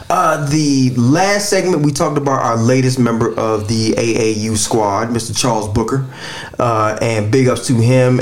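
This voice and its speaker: A male podcast host talks in a loose, casual way. He gets animated and swears freely as he lays out his thoughts. His voice sits at an ordinary mid pitch. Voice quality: animated, profane, conversational.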